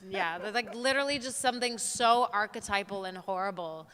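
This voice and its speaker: A young adult woman, an actor on a panel, telling candid stories in a lively, frank, self-deprecating way. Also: medium pitch, fairly quick. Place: theater hall at a live talk. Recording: long reverb of a hall.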